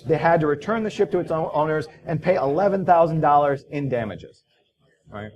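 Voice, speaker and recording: A man's voice: a little high, lively intonation, brisk, a little mellow, highs cut off. A man giving a casual conference talk, telling stories in a loose, profane way with many fillers. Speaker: conference speaker. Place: conference hall.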